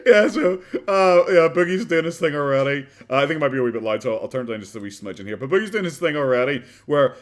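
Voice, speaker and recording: A man with an Irish accent giving casual, mocking commentary while watching a podcast, often laughing and rambling. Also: medium pitch.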